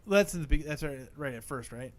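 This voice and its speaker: A man co-hosting a horror movie podcast recaps the film in a fairly high, fairly quick voice with lively intonation. His casual review is rambling, peppered with "like" and casual swearing.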